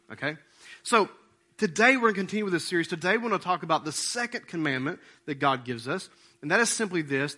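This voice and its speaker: A man's voice: fairly high pitch, bright, forceful tone. A male pastor preaching a conversational sermon to his congregation, often checking in with questions. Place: church sanctuary with congregation.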